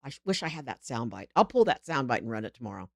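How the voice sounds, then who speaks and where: A woman's voice: very deep voice, sing-song, quick pace, gravelly, no echo, clean studio sound. A middle-aged woman hosting a live political show, talking in a heated, rambling way with frequent restarts.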